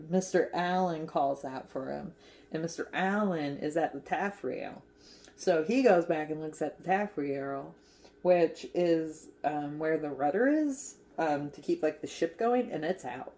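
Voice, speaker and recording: A woman's voice: sits low, dark tone. A woman casually recapping a movie as a crochet vlogger, chatty and giggly, with lots of fillers.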